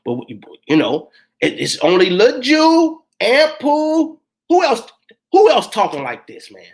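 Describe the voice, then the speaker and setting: Woman, minister, emphatic, rhetorical questions, animated swooping pitch. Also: a little slow, long pauses. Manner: emphatic, full of rhetorical questions and call-outs. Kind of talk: impassioned spiritual teaching talk.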